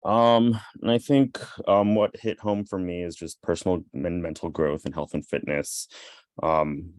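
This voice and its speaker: A man with a very deep voice shares his takeaways in a team meeting, hesitant and filling his pauses with ums. The sound is dry and close, with no room around it, as on a video call. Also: a little mellow, no echo. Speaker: team member.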